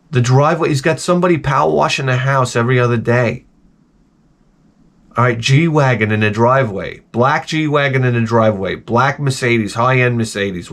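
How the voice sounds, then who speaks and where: A man's voice: mid-range voice, a bit bright. A man hosting a video, telling stories in a casual, profane, exasperated rant and jumping into exaggerated voices. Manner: acts out voices in exaggerated bursts. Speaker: video host. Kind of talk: casual ranting monologue.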